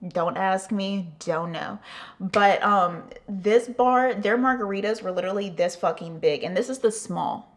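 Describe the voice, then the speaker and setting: A woman's voice: mid-range voice, unhurried. A young adult woman telling a casual storytime for her vlog, chatty and profane, with lots of "like". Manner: profane, chatty, heavy use of "like". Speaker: vlogger.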